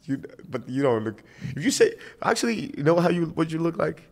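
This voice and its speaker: A man hosting a podcast, chatting casually with lively, stammering restarts. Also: fairly high pitch, brisk, creaky. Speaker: podcast host.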